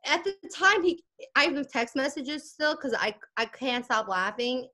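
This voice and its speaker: High-voiced woman telling an animated story. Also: measured pace. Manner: animated, acts out quoted dialogue, laughs often. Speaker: podcast guest. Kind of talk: casual storytelling chat.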